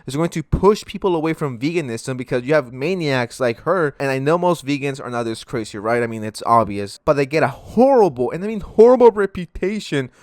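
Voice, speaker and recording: A man's voice: mid-range voice, animated, brisk, hardly any pauses, no room sound, studio quality. A young man giving sarcastic, swear-heavy reaction commentary from his room. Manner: sarcastic, ranting, swears freely. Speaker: commentary YouTuber.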